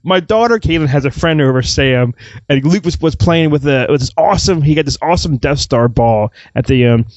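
A man co-hosts a movie podcast in relaxed chat, telling lively stories and breaking into laughter often. His voice is high for a man and swings widely in pitch. The sound is dry and close, but a little dull and lo-fi. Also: brisk, no echo. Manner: animated storyteller who laughs often. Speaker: podcast co-host. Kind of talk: casual chat. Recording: dull lo-fi mic.

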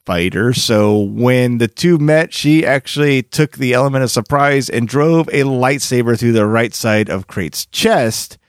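A man's voice: mid-range voice, a little slow, few pauses, clean tone, no echo, clean studio sound. A man hosting a podcast, recapping comic lore in a chatty storytelling way with jokey asides. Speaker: podcast host.

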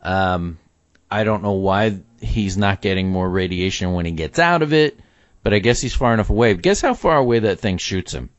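A man co-hosting a casual podcast chat about a film, opinionated and animated, laughing often. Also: fairly low pitch, moderate pace, dry recording. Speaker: podcast co-host. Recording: dull dry lo-fi sound.

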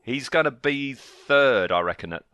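A man's voice: medium pitch, expressive, moderate pace, sharp tone, clear, resonant tone, no room sound. A man co-hosting a fan podcast, chatting with enthusiasm and restarting his sentences often. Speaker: podcast co-host. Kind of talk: casual fan discussion.

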